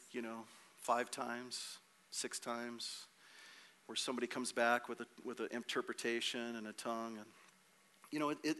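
A male pastor preaching a sermon, telling a story with energy and acting out quotes. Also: medium pitch. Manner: animated storytelling with acted quotes.

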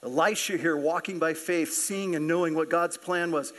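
Brief: a pastor with a high voice, animated, acting out the scripture. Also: male voice, moderate pace. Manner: animated, acts out scripture characters. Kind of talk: sermon. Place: church sanctuary.

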